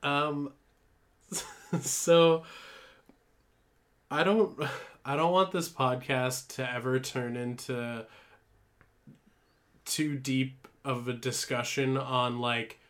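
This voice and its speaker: A man's voice: mid-range voice, takes it slowly, pauses often, fairly bright tone. A young man co-hosting a podcast, telling a story in a rambling, casual way with swearing and laughter. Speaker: podcast co-host.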